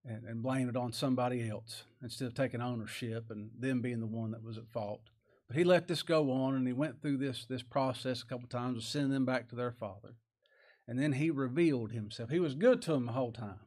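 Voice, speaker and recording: A man's voice: mid-range voice, darkish tone. Pastor, male, folksy sermon delivery, mid-range voice, emphatic rising bursts.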